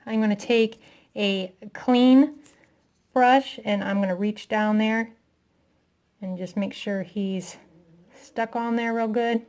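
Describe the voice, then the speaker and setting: A woman's voice: fairly high pitch, steady tone, slow, long pauses, a little mellow. A woman chatting casually through a craft tutorial, talking to herself as she works, self-deprecating and a little out of breath.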